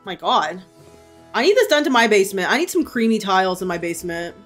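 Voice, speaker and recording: A young woman streamer giving casual gameplay commentary, excitable, gasping and swearing freely. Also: medium pitch, fast talker, soft background music.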